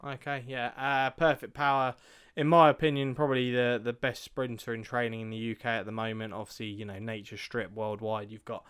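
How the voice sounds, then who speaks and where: A man talks through racing picks in a casual, chatty way. His voice is smooth and clear, pitched mid-range for a man, and he often pauses with ums and restarts his sentences. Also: flat delivery, fairly bright tone. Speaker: co-host of a racing tips show. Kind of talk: casual chat.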